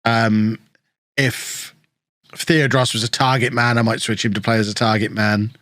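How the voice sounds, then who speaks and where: A man live-streaming a football management game, chatting with viewers and reacting excitedly to the match. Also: lowish voice, moderate pace, dry recording, studio quality. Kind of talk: casual live-stream commentary.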